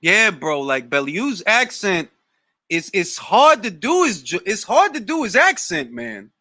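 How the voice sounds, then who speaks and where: Young male talk-show host, bright tense voice, dry close sound, loose slangy delivery with restarts. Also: high-pitched, measured pace, dry recording. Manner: animated, slangy, repeats words when starting a thought. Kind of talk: casual live Q&A chat.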